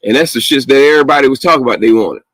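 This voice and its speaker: A man's voice: medium pitch, rapid-fire, no echo, low-quality recording. Host, man, heated and profane with frequent laughs, dry close mic. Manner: profane, animated, laughs often. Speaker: podcast host. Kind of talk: casual opinionated chat.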